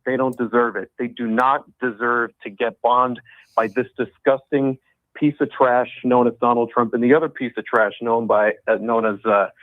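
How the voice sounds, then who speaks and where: An angry male caller ranting into a talk radio show. His voice is mid-pitched and dry, coming through a muffled, lo-fi phone line. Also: steady tone, normal speed, no echo. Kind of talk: call-in rant.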